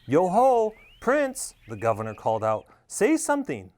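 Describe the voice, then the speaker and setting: An easily rattled governor of a storybook island, pleading and blustering by turns, put on by a man reading aloud. He swings up and down across a wide pitch range. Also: huge pitch swings, moderate pace, a little mellow. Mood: calling out. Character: fretful male island governor, easily alarmed.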